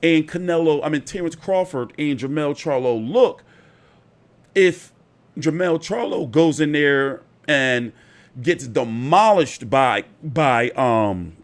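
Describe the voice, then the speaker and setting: Chatty, cussing boxing-channel host. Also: male voice, fairly high pitch. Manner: loose and chatty, swears freely, lots of "like" and "you know". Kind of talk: casual fight commentary.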